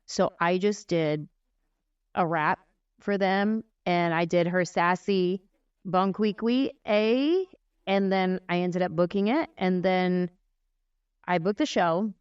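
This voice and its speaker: A woman in her forties, a comedian and guest on a podcast, telling stories in a casual, animated way and acting out the voices she describes. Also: lowish voice, slow, clean tone, dry recording. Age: 40s. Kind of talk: casual storytelling in a podcast interview. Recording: dry, slightly muffled lo-fi sound.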